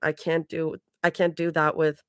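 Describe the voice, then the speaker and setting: A woman's voice: low voice, completely flat delivery, normal speed, clear, resonant tone, no room sound, studio quality, lightly acted. A woman reading a fan story aloud, voicing an exasperated, snarky young woman.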